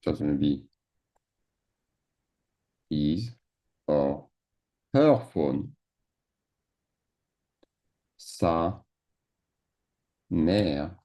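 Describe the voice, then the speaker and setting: A man talks through a grammar lesson, slipping words into his English and asking "d'accord?" as he goes. His voice is low and mellow, and he moves along at an unhurried pace while he explains each form. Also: lively intonation. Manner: mixes French into English, checks in with "d'accord?". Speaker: French teacher. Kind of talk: screen-share grammar lesson.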